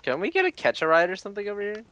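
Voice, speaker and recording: A man's voice: high voice, wildly swooping pitch, racing, a bit bright, no room sound. A young man gaming with friends, joking crudely and laughing often into his mic. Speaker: let's play gamer. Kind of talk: casual gaming banter.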